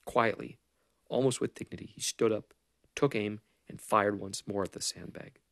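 Low, gravelly male audiobook narrator. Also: normal speed, no room sound. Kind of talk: audiobook reading of a novel.

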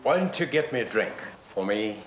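A dismissive businessman with a low voice that moves a lot. He is curt and brushes people off. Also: very animated, brisk, slight background noise. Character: cold businessman, Winston.

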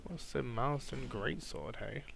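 A man giving excitable let's play commentary, jumpy and quick to swear or squeal when scared. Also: mid-range voice, gravelly. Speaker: gaming YouTuber.

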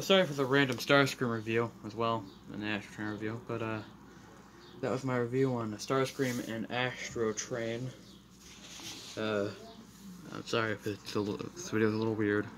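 A man doing a casual, rambling toy review at home, apologetic and frustrated. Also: lowish voice. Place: room in a house. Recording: noisy home recording.

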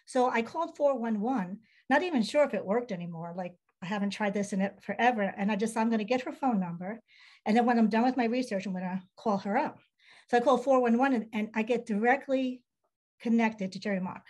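A woman's voice: on the high side, fairly quick, rough recording. A woman who writes children's books, telling a story in a casual interview and acting out the dialogue she quotes. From Ohio. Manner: animated, acts out quoted dialogue. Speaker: children's book author.

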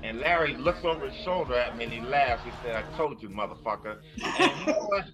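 A man who once played the game tells an animated story from his career, getting louder as it builds. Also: medium pitch, a little fast, music in the background, poor audio. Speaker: former player telling a story.

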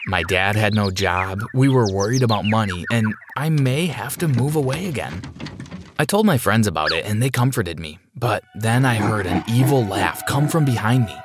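A man narrating a dramatic first-person story in an expressive storytime style. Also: lowish voice.

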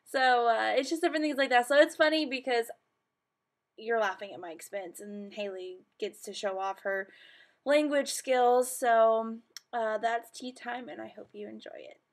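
A woman's voice: fairly high pitch, moderate pace. A young woman with a Southern American accent, hosting a casual vlog and rambling with lots of fillers. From southern United States. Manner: rambling, many fillers and um's. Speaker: vlog host.

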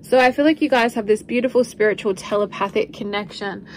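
A woman talks through a spiritual tarot reading, circling back over her points in an earnest, rambling way. Her voice sits at an ordinary middle pitch, with a faint hiss of noise underneath. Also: brisk, low-quality recording. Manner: meandering, repetitive, earnest, with light laughs. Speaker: tarot reader.

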